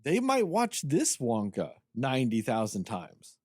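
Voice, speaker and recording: A man's voice: medium pitch, a little slow, husky, dry recording, studio quality. A man co-hosting a podcast, ranting about a film in casual chat, sarcastic and full of swearing. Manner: animated, profane, sarcastic. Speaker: podcast co-host. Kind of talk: casual movie review chat.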